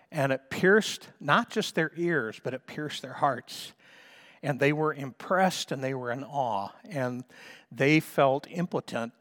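A middle-aged man preaching a sermon, fervent and emphatic, slowing down to stretch key phrases and rising to loud peaks. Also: on the high side. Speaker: pastor.

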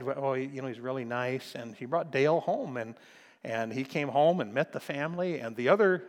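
A man's voice: medium pitch, long reverb tail. An older man, a pastor, preaching a sermon with folksy storytelling and sudden emphatic bursts. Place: church sanctuary.

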